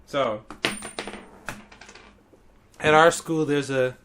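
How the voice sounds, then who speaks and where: A man's voice: a little high, steady tone, drawn-out words, a bit bright. A man telling stories in casual chat, swearing freely and mimicking people he quotes. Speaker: podcast co-host.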